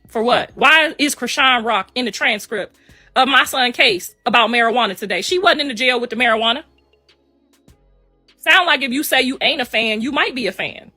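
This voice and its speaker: Middle-aged mom ranting on a livestream, bright sharp voice, pitched a bit high, repeats herself hard, dry sound. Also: female voice, normal speed, dry recording, faint music behind. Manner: emphatic, repeats phrases. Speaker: mother speaking on a livestream. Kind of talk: casual rant.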